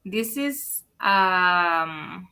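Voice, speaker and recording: Bright, unhurried woman, teaching an online English lesson and checking in with her viewers. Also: on the low side, animated, clean tone. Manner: explains patiently, asks "right?" often, calls viewers "guys".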